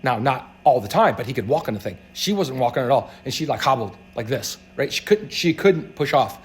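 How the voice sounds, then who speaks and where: A man, a practitioner being interviewed, telling patient stories in a casual, animated way and acting out the voices of people he quotes. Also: mid-range voice, a little fast. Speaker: healthcare practitioner guest.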